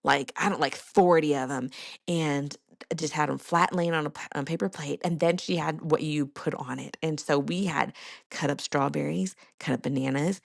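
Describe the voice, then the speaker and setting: Brief casual podcast host, young woman, fry-heavy low-ish voice, dry close sound. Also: moderate pace, no room sound. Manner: chatty storytelling with fillers. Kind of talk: casual chat.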